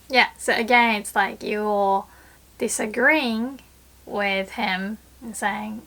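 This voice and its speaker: A woman teaching Japanese in a casual video lesson, chatty and quick to act out example lines. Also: medium pitch, fairly even intonation, fairly bright tone.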